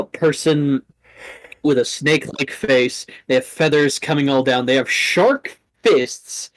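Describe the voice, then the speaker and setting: A man's voice: medium pitch, dry recording, rough recording. A man running a tabletop role-playing game, narrating casually with swearing and frequent laughter. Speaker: game master.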